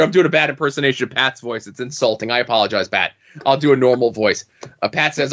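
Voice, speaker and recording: A man co-hosting a podcast in casual chat, telling stories in an animated, profane way. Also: a little high, fairly quick. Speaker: podcast co-host. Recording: dull lo-fi podcast audio.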